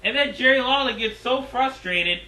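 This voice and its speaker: A man reviewing a wrestling show in casual recap style, excitable and rambling, repeating himself. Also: extremely high pitch, moderate pace, echoey room, poor audio.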